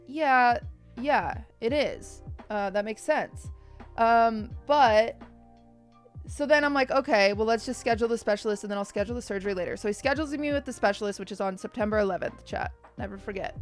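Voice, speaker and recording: Young female streamer, higher voice, smooth and clear, rambling and stressed, casual chat over soft music. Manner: rambling, stressed storytelling with quoted dialogue.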